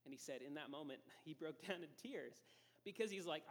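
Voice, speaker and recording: A man preaching a sermon as pastor, telling a story in a relaxed, conversational way with frequent fillers. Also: fairly high pitch, a little fast, in a large hall.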